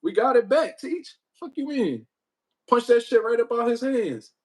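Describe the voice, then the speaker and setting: A man hosting a livestream, talking casually with heavy profanity and animated storytelling. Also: very high-pitched, normal speed, breathy edge. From Puerto Rico. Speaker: livestream host.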